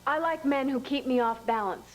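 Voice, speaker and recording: A woman's voice: sits high, fairly quick, lightly acted, low-quality recording. A woman playing a bitter, hurt younger sister. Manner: bitter, accusing. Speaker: soap opera character.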